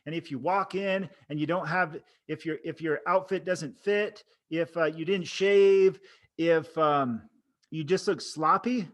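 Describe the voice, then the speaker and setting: A man's voice: a little high, a bit bright. A man coaching listeners on oral board interviews in an earnest, unscripted way, often restarting his sentences. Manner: earnest, frequent restarts and fillers. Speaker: promotion exam coach. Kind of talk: unscripted instructional talk.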